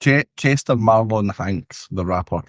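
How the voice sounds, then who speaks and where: A man's voice: on the low side, a little slow, no room sound. A young man hosting a casual podcast chat, steering the talk over a video call.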